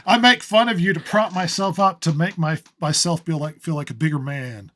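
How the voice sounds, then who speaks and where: A man's voice: on the high side, normal speed, a bit bright, a little hiss or hum. A man co-hosting a gaming podcast in casual chat, joking at his own expense and laughing often. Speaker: podcast co-host. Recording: online call audio.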